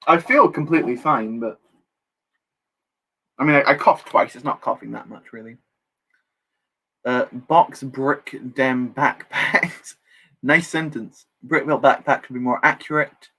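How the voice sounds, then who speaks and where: A man's voice: medium pitch, normal speed, sharp tone, slightly rough. A young man chatting casually on a live stream while building, reading chat aloud and joking at his own expense. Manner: chatty, reads chat aloud, self-deprecating jokes.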